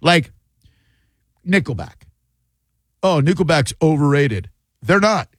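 A man's voice: a little high, big pitch swings, slow pace, fairly bright tone, no room sound. Wry, opinionated male radio host. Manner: wry, opinionated, talks in long riffs. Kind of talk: casual radio call-in chat.

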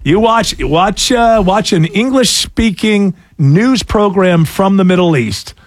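Rambly radio host guy, kinda raspy, lots of uhs, dry close mic. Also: high voice, slow pace, dry recording. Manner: rambling, self-mocking, with many fillers. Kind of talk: casual talk radio banter.

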